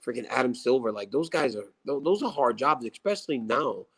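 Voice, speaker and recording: Relaxed reflective man talking shop. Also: mid-range voice, fairly quick, noisy background. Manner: relaxed, reflective, restarts sentences. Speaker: guest, former fighter. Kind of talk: casual interview talk.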